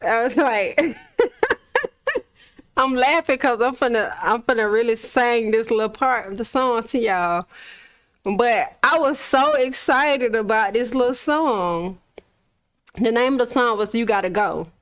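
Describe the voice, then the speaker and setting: Slow, laid-back woman telling her story. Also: a little high. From Florida. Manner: slow, laid-back, laughs often, swears casually. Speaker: recording artist guest. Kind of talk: casual storytelling interview.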